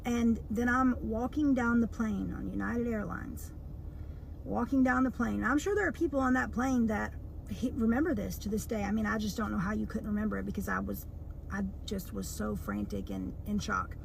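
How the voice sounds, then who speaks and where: A woman's voice: mid-range voice, normal speed, vocal fry, a little hiss or hum, poor audio. A woman telling a personal story in a casual storytime monologue, earnest and tense, with many fillers.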